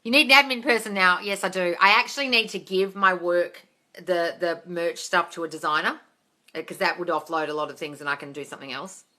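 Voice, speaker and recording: Bright-toned, frank woman hosting a live chat. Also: fairly low pitch, brisk. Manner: frank and swearing, reads out comments, calls listeners darling. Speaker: host of a manifesting Q&A live stream. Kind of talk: casual live-stream chat answering viewer comments.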